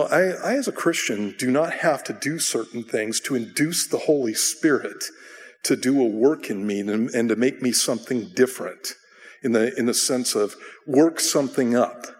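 A middle-aged male pastor delivers his sermon in a relaxed, conversational way, poking fun at himself between points. His voice sits at an ordinary male pitch. A long reverb trails each phrase through the big hall. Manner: conversational, self-deprecating, with bursts of acted shouting.

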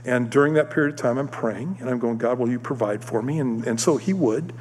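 A man giving a sermon, telling a personal story in an animated way and acting out the voices of the other people in it. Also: medium pitch, fairly quick, slight background noise. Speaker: preacher. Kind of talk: sermon testimony. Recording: long hall reverb.

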